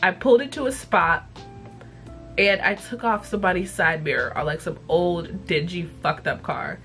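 A young woman vlogger casually retelling a cartoon episode in a profane, slangy, animated way. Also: lowish voice, normal speed, soft background music. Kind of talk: casual chat.

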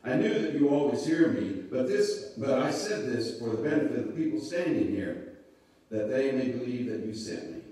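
A man leading a church service, reading scripture and then talking gently and folksily to children. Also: mid-range voice, very animated, normal speed. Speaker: pastor leading children's moment. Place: church sanctuary. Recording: echoey church room, mic far off.

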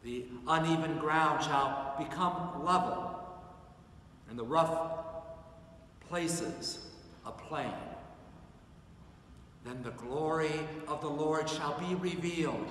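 A man giving a deliberate, solemn scripture reading at a worship service, recorded in a church sanctuary from a distant mic. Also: on the high side, fairly bright tone, slight background noise. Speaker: scripture reader. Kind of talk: slow, measured scripture reading. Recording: echoey church from far off.

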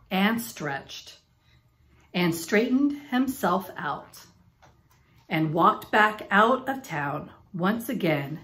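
A woman with a medium-pitched voice reads a children's picture book aloud, telling the story in an expressive, playful way.

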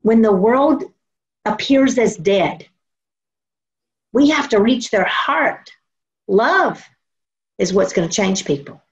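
A woman preaching a sermon in an earnest, storytelling way, slowing down to stress her points. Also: medium pitch, animated. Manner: earnest, storytelling, slows for emphasis. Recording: dull lo-fi recording.

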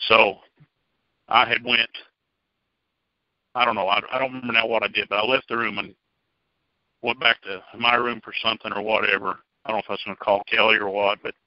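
A man's voice: lowish voice, no echo. A middle-aged man giving a personal testimony to a church group in a folksy, plainspoken storytelling manner. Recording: dull, dry lo-fi recording.

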